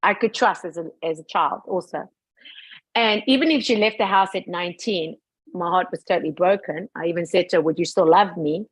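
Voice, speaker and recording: Woman guest, husky mid-pitched voice, lively storyteller, dry close sound. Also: brisk, dry recording, poor audio. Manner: animated, acts out quoted dialogue. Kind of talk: casual storytelling chat.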